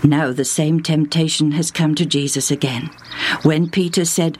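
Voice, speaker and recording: A woman narrating a Bible story for listeners in a gentle, expressive, measured way. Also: sits low, slight background noise.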